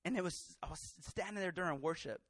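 A young man preaching a sermon, telling a personal story and acting out the voices in it, swinging from hushed tones to loud outbursts. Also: high voice, fast, no room sound.

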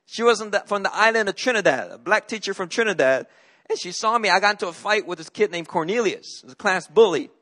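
A man's voice: high voice, lively intonation, fast talker, bright, forceful tone. A middle-aged man from Korea, a pastor preaching a sermon, telling a personal story in an earnest way with frequent restarts.

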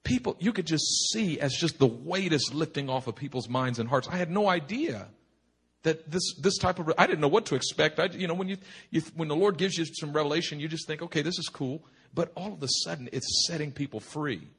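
A man preaching at a church retreat, telling a humorous personal story in an animated, rambling way full of restarts. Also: fairly high pitch, fairly quick, breathy edge. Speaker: pastor. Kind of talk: sermon storytelling. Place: retreat meeting hall.

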